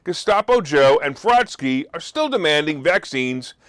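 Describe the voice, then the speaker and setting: A man hosting a live market talk show, his voice high and swooping all over the place. He talks with sarcasm and bursts into loud mock outrage, close to a desk mic in a dry, dead room. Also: big pitch swings, measured pace, no room sound. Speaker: host. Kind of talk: opinionated market commentary.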